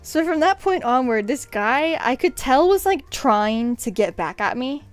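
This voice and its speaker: A young woman streams from home, telling a work story in a slightly high, lively voice. She sounds exasperated and laughs often, close on a desk microphone. Faint music plays underneath. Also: unhurried. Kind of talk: casual storytelling. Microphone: desk USB microphone.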